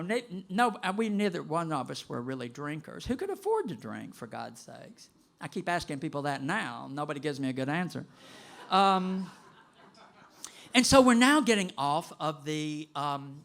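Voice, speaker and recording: An older man telling a personal story to an audience in an animated, conversational way. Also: sits high, clear, resonant tone. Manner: animated and conversational, with vocal sound effects.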